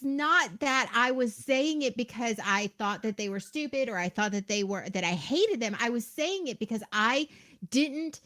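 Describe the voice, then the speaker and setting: A woman co-hosting a podcast, telling a story in an earnest, heartfelt way with halting restarts. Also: fairly high pitch, lively intonation, a bit bright. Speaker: podcast co-host. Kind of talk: casual podcast chat.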